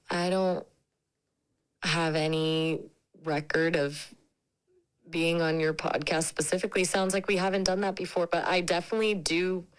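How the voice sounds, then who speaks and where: A woman's voice: lowish voice, level tone, a little slow, pauses often, clean tone, poor audio. A woman's synthetic voice speaking as an AI companion, chatting in a friendly, casual, opinionated way. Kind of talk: conversational AI chat.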